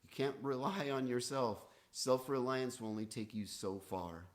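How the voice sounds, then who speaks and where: A man's voice: medium pitch, steady tone, normal speed. A man preaching a sermon as pastor, earnest, with rising and falling emphasis. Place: church, livestreamed.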